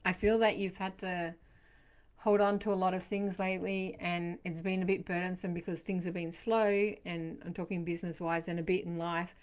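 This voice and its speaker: A woman hosting a live-streamed tarot card reading, chatting warmly to viewers by name and passing on reassuring messages. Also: lowish voice, flat delivery, normal speed. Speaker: tarot reader.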